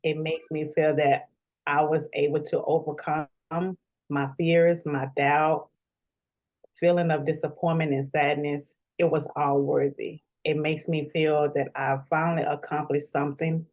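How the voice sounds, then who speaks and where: A woman's voice: low-pitched, flat delivery, unhurried, a little mellow. A middle-aged woman being interviewed, heartfelt and close to tears with gratitude. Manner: tearful, grateful, heartfelt. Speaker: interview guest. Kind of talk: emotional interview.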